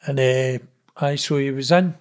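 A man's voice: medium pitch, steady tone, a little slow. A middle-aged Glaswegian man telling stories in a blunt, sweary, rambling way, often adding "know what I mean". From Scotland. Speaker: interview guest. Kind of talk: casual storytelling.

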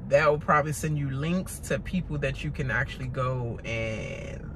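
A woman hosting a casual TV recap rant, animated and mocking, with lots of laughter and stammered fillers. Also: very deep voice, normal speed, noisy background. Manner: stammering filler-heavy delivery. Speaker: reality TV recap host.

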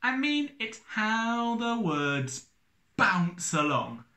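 Male teacher, unhurried sing-song delivery, bright tone, roomy echo. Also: high voice, sing-song. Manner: slow, sing-song, counting out syllables and beats. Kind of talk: recorded classroom lesson.

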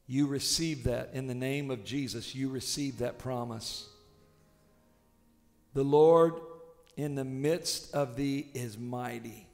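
A male pastor preaching a sermon with passion, swinging between shouted declarations and hushed, intimate tones. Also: mid-range voice, steady tone, a little slow, gravelly, hardly any pauses, long reverb tail, soft background music.

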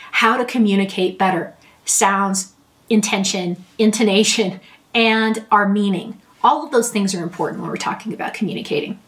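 A woman's voice: medium pitch, distant mic. A middle-aged woman therapist explaining a listening skill in a friendly, conversational way, with examples. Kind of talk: talking-head advice lesson.

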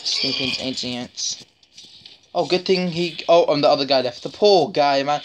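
A woman's voice: low-pitched, unhurried. A woman giving casual, jokey commentary while playing a mobile shooter, trash-talking opponents and letting out sudden yelps. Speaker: mobile game streamer. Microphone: phone screen recorder. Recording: noisy phone recording with tapping clicks.

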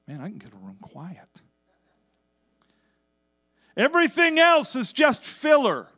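A man pastor preaching a sermon from a church stage, with wide swings in pitch and loudness, drawn-out emphasis on key words and casual asides to the congregation. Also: huge pitch swings. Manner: acts out quoted voices in Bible stories, casual asides to congregation.

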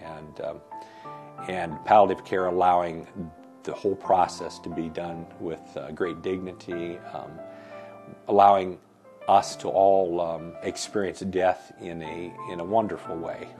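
A bereaved father speaking haltingly and thoughtfully in a documentary interview, pausing often. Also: low-pitched, fairly even intonation, darkish tone, faint music behind. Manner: halting, reflective, many pauses.

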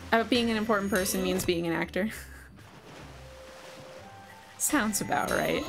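A young woman with a mid-range voice streams a video game live, speaking unhurriedly with long pauses. She's candid and chatty, reads viewer comments aloud, and laughs often, with game music playing behind her.

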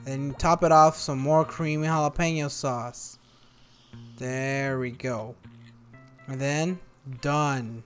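Speaking slowly in a slightly high voice, a young man plays a cooking game on video and teases its customers in fun. Faint music plays behind him, and he uses a desktop USB microphone at home.

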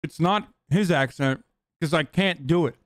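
A man's voice: on the high side, a little slow, no echo, studio quality. A man streaming, reacting to a reality show in blunt, casual commentary full of slang and swearing. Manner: blunt, swears freely, lots of "like" and "dude".

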